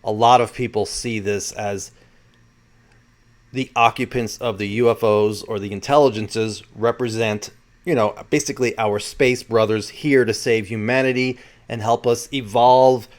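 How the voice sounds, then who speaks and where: A man's voice: on the low side, fairly even intonation, a little slow. A man hosting his own video, talking casually and rambling, often correcting himself mid-sentence. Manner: chatty and rambling, with self-corrections. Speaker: video host. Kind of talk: casual solo commentary.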